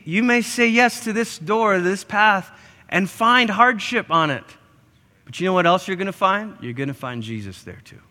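A man preaching a sermon as pastor, animated and acting out quoted voices with big jumps in pitch. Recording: live church hall reverb.

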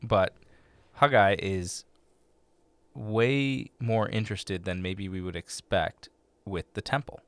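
A man's voice: on the low side, takes it slowly, a bit bright, dry recording. A man co-hosting a church podcast as youth pastor, playful and rambling in casual chat.

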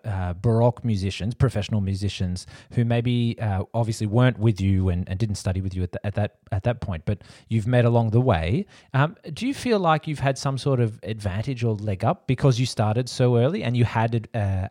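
A man's voice: medium pitch, expressive, normal speed, dark tone, no room sound, clean studio sound. A man hosting an interview, asking long, winding questions with enthusiasm. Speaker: interviewer, host. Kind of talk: conversational interview.

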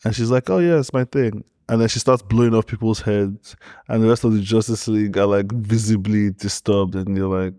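A man co-hosting a casual podcast, telling stories excitedly and laughing often. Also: fairly low pitch, fairly quick, no room sound, studio quality. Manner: excitable storyteller, laughs a lot. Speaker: podcast co-host. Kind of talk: casual chat.

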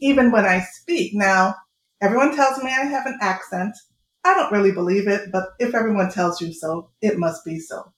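A woman's voice: mid-range voice, normal speed. A woman chatting casually with her sisters, talking in short, direct sentences. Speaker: podcast co-host. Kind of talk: casual chat among sisters. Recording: echoey room with faint noise.

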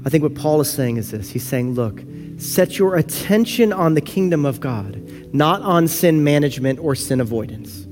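A male pastor delivers a sermon in an earnest voice pitched a little high. He swings from soft, slow, low passages to quick, loud bursts. Faint music plays beneath him. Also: animated. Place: church sanctuary.

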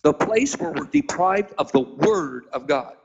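A man preaching as a guest, retelling a Bible story dramatically and acting out the characters with sudden high-pitched voices. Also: lively intonation, creaky, slightly rough, muffled recording. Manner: spells out and stresses Hebrew words slowly. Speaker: pastor being interviewed.

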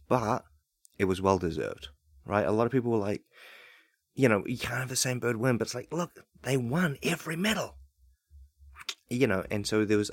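NZ-accented male comic, low-pitched, dry close sound, conspiratorial deadpan patter. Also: no echo. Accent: New Zealand. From New Zealand. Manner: conspiratorial, chatty, many asides and rhetorical "right?".

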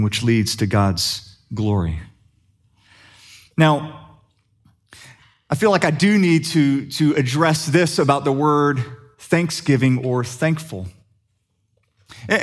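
Lively, animated male pastor preaching. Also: medium pitch. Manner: conversational, humorous, asks the congregation questions. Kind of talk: sermon.

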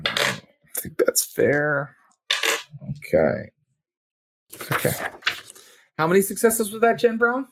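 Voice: medium pitch, huge pitch swings, slow pace, pauses often, background noise. A game master narrating a tabletop game in a loose, rambling way, full of ums and likes. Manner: rambling, many ums and likes, laughs often.

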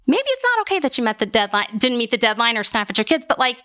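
A woman's voice: a little high, sing-song, fast talker, few pauses, bright, forceful tone. A woman who is an occupational therapist and a podcast guest, speaking in a reassuring, emphatic way and often saying "like". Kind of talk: casual interview conversation.

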